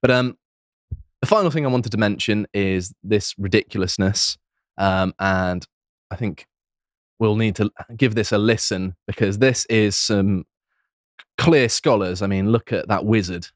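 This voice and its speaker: A man's voice: lowish voice, a little slow, no echo. A man co-hosting a podcast, talking in a dry, sarcastic, casual way. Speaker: podcast co-host.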